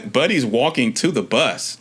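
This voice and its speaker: A man's voice: mid-range voice, sing-song, takes it slowly, fairly bright tone, breathy edge. A young man from Maryland, a podcast co-host, telling a personal story in casual chat, earnest and rambling with many restarts and casual swearing. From Maryland, USA.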